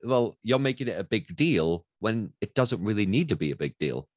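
A man's voice: fairly low pitch, sing-song, normal speed, no room sound, highs cut off. A man co-hosting a casual chat who mostly agrees with the other speaker and adds his own points. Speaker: podcast co-host.

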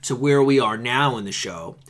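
Male podcast host, mid-pitched, relaxed and chatty. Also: normal speed. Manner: animated, acts out lines in put-on voices. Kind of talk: casual chat.

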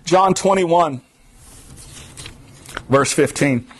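A man's voice: fairly high pitch, extremely slow, slight background noise. A man from Florida preaching a sermon in an earnest, repetitive cadence.

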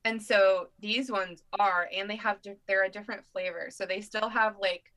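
A young woman co-hosting a casual chat, telling animated stories and laughing often. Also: mid-range voice, normal speed, poor audio. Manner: chatty, animated storytelling with laughs. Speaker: podcast co-host.

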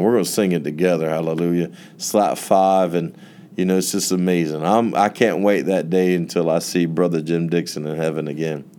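A man's voice: low-pitched, dark tone, smooth. A man, a pastor giving an earnest, emotional testimony in a sermon. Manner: earnest, emotional storytelling with drawn-out emphasis.

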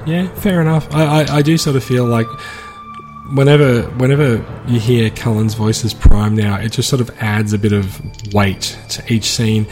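A man's voice: mid-range voice, fairly even intonation, normal speed, a little mellow, soft background music. A man co-hosting a casual podcast chat from home, hedging often and laughing easily. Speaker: podcast co-host. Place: home apartment.

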